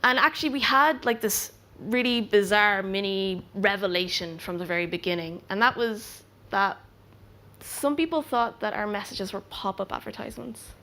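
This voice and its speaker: A young adult woman, a product researcher, giving a clear, measured conference talk with emphatic pauses. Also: medium pitch, pushed and bright.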